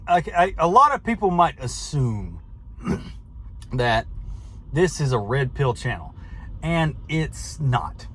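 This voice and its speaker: A man's voice: mid-range voice, sing-song, slow pace, long pauses, fairly bright tone, a little hiss or hum. A middle-aged man talking casually to the camera from inside his vehicle, rambling and defensive, often restarting his sentences. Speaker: vlogger, trucker.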